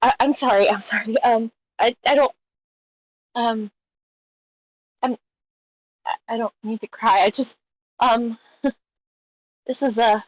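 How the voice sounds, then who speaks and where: Woman doing a young dog assassin girl, halting stammery voice, dry close sound. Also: on the high side, steady tone, dry recording, low-quality recording. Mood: tearful. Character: young female dog assassin, moved to tears.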